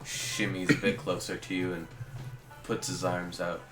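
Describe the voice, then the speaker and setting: Man, game master, deep voice, unhurried narration, echoey room, guitar music behind. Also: monotone. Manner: unhurried descriptive narration with fillers. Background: ambient guitar music.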